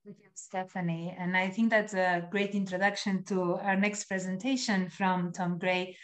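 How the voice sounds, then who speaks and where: A woman chairing a webinar over a video call, introducing speakers in a friendly, brisk way. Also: lowish voice. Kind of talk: moderating a webinar.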